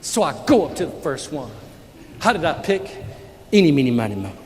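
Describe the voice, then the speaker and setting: Speaking briskly in a slightly high voice, a man gives an animated motivational keynote full of stories and shout-outs to the audience. The large conference hall echoes around him and the live crowd, and a little hiss or hum is audible.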